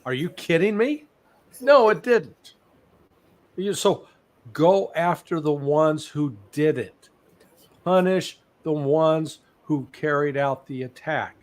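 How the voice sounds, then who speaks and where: An older man in his sixties, a guest analyst giving blunt, sarcastic commentary in a live interview, telling stories with animation. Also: a little high.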